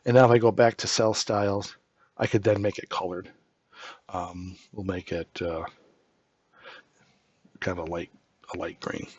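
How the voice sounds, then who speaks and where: A low-voiced, husky man walks through a screen-recorded software tutorial as an instructor. He is relaxed and thinks aloud step by step, with plenty of ums. The recording is slightly muffled and dry, close to the mic. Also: unhurried, long pauses, dry recording.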